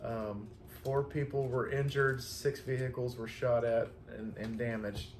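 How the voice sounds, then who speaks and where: A man's voice: mid-range voice, fairly even intonation, a little slow, reverberant, a little hiss or hum. A man, a flower delivery driver, casually telling stories from his day, chatty and laughing often. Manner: chatty, laughs often, acts out quoted voices. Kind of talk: casual storytelling chat.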